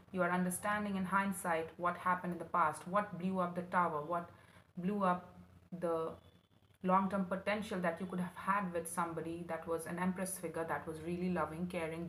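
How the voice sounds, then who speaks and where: Fairly low in pitch with a fairly bright tone, a tarot reader speaks to her viewers with earnest emotion, calling them honey. Her reading is captured in a space with a roomy echo and a faint hum of the room.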